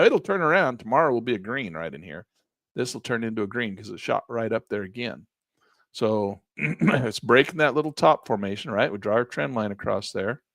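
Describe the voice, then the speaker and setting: A man teaching a live trading lesson, walking through charts in a folksy, excitable way while he is losing his voice. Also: mid-range voice, creaky, dry recording, studio quality. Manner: lively, folksy, exclaims at good numbers. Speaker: trading instructor.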